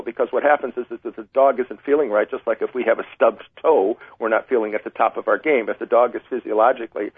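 A man with a husky, slightly breathy voice explains dog training in a chatty, self-deprecating way, acting out small scenes as he goes. He comes through a tinny, dry phone line. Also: mid-range voice, dry recording. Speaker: dog trainer and author guest. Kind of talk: explaining with everyday examples.

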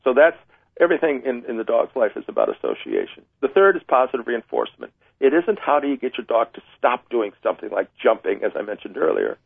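A man's voice: medium pitch, huge pitch swings, fast talker, creaky, slightly rough, dry recording. A man, a dog trainer and author, chatting as a radio guest and explaining training with everyday examples and little acted-out scenes. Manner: chatty, self-deprecating, acts out little scenes. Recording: tinny dry phone line.

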